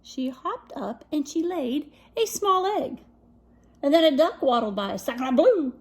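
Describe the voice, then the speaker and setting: A woman reading a children's picture book aloud, expressive, with dramatic pauses and whispered asides. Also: high-pitched. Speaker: story reader.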